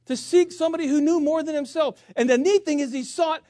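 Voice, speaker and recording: A man's voice: very high-pitched, a little fast, warm tone, no echo, studio quality. A male pastor from the country preaching a sermon in a folksy, joking storytelling manner. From rural area. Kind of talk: sermon with humorous stories.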